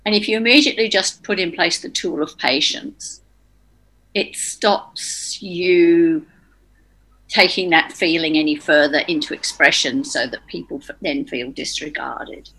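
Woman, bright and fairly low voice, frank, practical participant. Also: unhurried. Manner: practical, frank, telling an example. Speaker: group participant. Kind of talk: casual group discussion.

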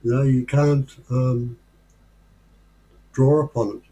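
A man leading a casual study group discussion, talking in a thoughtful, unhurried way with pauses and fillers. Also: mid-range voice, level tone, warm tone, poor audio.

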